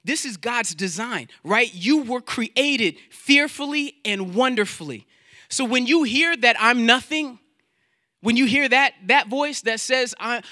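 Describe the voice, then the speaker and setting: A male pastor preaching a sermon to his congregation in church, animated, quoting scripture, acting out inner doubts and repeating words as he builds his points. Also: extremely high pitch, measured pace, dry recording, studio quality. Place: church sanctuary.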